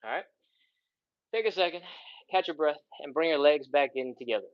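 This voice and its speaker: A man's voice: fairly high pitch, expressive, a little fast, clear, resonant tone, highs cut off. A man leading a live follow-along stretching workout, counting down holds and sighing between counts while he stretches and catches his breath. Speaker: stretching instructor.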